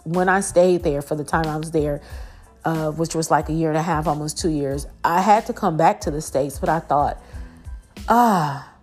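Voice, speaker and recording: Female podcast host and preacher, low register, earnest and frank faith testimony. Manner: earnest, frank, many fillers and restarts.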